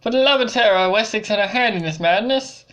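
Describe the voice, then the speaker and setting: A gamer reading a stern old lord's lines aloud in a lowered, gruff voice while playing. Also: fairly quick, a bit bright, close to an everyday voice. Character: gruff old northern lord, weary and stern.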